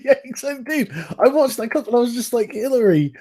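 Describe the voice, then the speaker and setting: A man's voice: very high-pitched, fast talker, a little mellow, slightly rough. A man who is a guest in a casual online political chat, agreeing bluntly and swearing freely. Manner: blunt, profane agreement, laughs.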